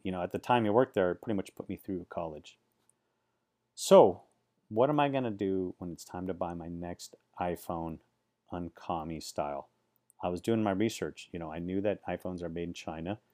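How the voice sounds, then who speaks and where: A man's voice: low voice, a little mellow. A man, giving chatty, sarcastic vlog commentary full of rambling asides. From Silicon Valley, USA. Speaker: vlogger.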